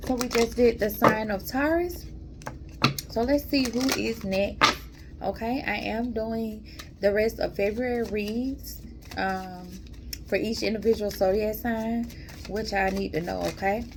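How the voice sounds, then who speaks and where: A woman giving a casual tarot reading, talking to her viewers in a calm, mellow, chatty way and calling them y'all. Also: mid-range voice, measured pace, a little hiss or hum. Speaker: tarot reader.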